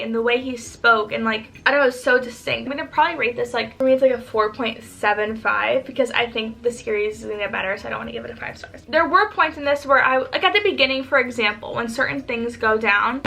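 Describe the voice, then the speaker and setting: A woman vlogger chatting casually on camera, excitable and rambling as she gushes over what she has read. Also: fairly high pitch, vocal fry. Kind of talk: casual reading vlog chat.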